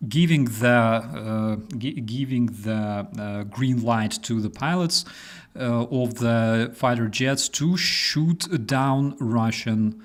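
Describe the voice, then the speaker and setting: A man's voice: medium pitch, takes it slowly. A young Ukrainian man hosting a casual chat in English with a Ukrainian accent, telling stories with many fillers and restarts. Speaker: host.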